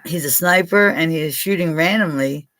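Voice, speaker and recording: A woman's voice: low voice, moderate pace, fairly bright tone, no echo. An older woman from Pennsylvania hosting a casual live chat with her viewers, rambling, swearing freely and laughing often. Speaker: live stream host.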